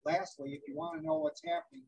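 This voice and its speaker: Gravelly, husky man speaking haltingly. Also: high-pitched, huge pitch swings, darkish tone, rough recording. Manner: halting, with many filler pauses. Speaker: open mic speaker. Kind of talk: informal public comments.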